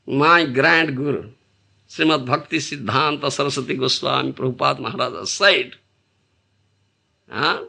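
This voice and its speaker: A man's voice: mid-range voice, animated, normal speed, vocal fry, long pauses, sharp tone, breathy edge. A man teaching a devotional lecture to an audience, often asking them rhetorical questions and laughing as he explains. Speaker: spiritual teacher.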